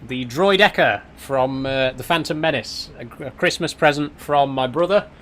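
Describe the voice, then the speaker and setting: A man's voice: mid-range voice, normal speed, a bit bright, a little hiss or hum. A young man with a South Yorkshire accent chatting on a game live stream, reading chat aloud, laughing often and swearing casually. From South Yorkshire, England.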